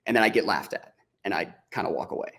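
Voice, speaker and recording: A man as a podcast guest, telling a story in a casual, animated way, acting out the dialogue as he goes and often restarting his sentences. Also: fairly low pitch, fast, creaky. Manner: frequent restarts and "like" fillers.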